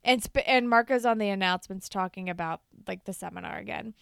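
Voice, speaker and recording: A woman's voice: medium pitch, quick pace, creaky, smooth, dry recording, clean studio sound. A young woman co-hosting a podcast, animatedly retelling episode scenes and acting out the lines. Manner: animated retelling with quoted voices and swearing. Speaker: podcast co-host. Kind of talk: casual recap chat.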